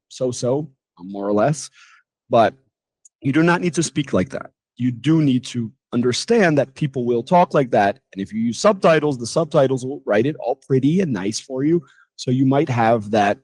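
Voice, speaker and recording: A man teaching a pronunciation lesson, demonstrating sounds with lively exaggeration. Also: mid-range voice, no echo. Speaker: English teacher.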